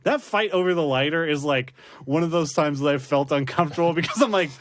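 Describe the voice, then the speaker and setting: A man's voice: on the high side, fast talker, no room sound. A man hosting a casual rewatch podcast, laughing often and rambling through fillers and restarts. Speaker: podcast host.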